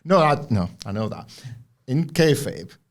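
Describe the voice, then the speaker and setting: A man co-hosting a podcast, chipping in with sarcastic quick remarks. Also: mid-range voice, big pitch swings. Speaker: podcast co-host. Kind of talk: casual chat.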